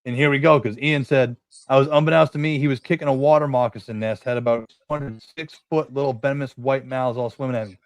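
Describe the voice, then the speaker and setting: A man's voice: medium pitch, steady tone, fast talker, hardly any pauses, no room sound, lo-fi sound. A man, co-hosting a casual podcast chat, rambling through stories and swearing constantly. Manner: swears a lot, rambling storytelling. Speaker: podcast co-host.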